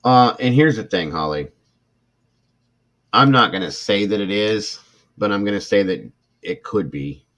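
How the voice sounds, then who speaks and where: On his true crime livestream, a middle-aged man reads out a report in a fairly low, slightly bright voice with lively intonation. He takes his time, leaving long pauses, while growing emotional and irritated and speaking to chat viewers by name.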